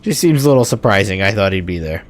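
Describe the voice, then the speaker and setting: A man's voice: on the low side, expressive, fast talker. Chatty man rambling over gameplay. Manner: rambling, chatty, self-correcting. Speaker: gaming video host. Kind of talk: casual let's-play commentary.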